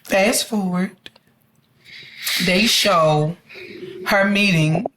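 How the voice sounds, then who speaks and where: A woman recaps a movie in relaxed podcast chat, slipping into the characters' lines as she goes. Her voice sits at an ordinary middle pitch. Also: very slow, a little hiss or hum, poor audio. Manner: chatty plot retelling, acts out quotes. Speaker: podcast co-host. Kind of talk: casual movie review chat.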